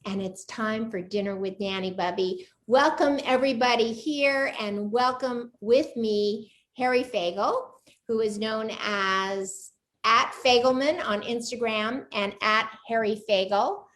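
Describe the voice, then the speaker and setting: A woman's voice: a little high, measured pace, a bit bright. A woman in her sixties hosting a live online chat show over a video call, bubbly and chatty, laughing often. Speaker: host of a live cooking show interview.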